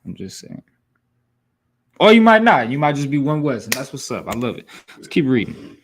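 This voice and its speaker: A man's voice: medium pitch, brisk, darkish tone, a little hiss or hum. A man teaching a scripture class in a blunt, scolding, profane way. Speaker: class instructor. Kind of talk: preaching scripture lesson.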